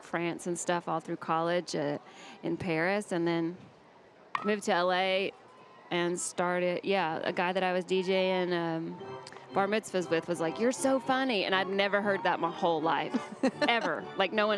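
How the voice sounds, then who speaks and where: A woman's voice: fairly low pitch, steady tone, normal speed, over music. Chatty sarcastic Southern woman in a booth. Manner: chatty, sarcastic, laughs often. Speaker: guest commentator. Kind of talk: casual chat in a commentary booth. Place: broadcast booth at a baseball stadium.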